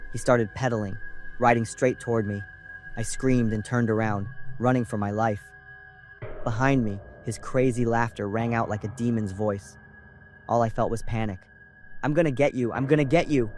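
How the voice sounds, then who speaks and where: Low-voiced young man narrating horror. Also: a little mellow. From California. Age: young adult. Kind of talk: scripted horror story narration. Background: faint music.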